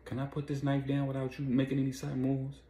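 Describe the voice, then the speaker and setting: Brief: tired cop close to retirement, hushed and tense, played by a male storyteller. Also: medium pitch, completely flat delivery, quick pace, reverberant, pitched above the performer's own voice, lightly acted.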